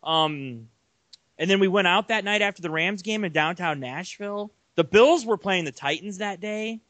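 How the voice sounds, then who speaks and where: A young man co-hosting a casual sports podcast, telling long rambling stories with animated energy. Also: high-pitched, normal speed, dry recording. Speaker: podcast co-host.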